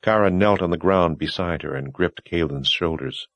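A man narrating a novel in a measured, even storytelling manner. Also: deep voice, no echo. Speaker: audiobook narrator. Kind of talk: scripted narration.

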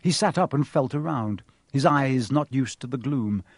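A man narrating a storybook aloud with a husky voice, reading expressively and giving each character a voice. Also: mid-range voice, moderate pace, no echo.

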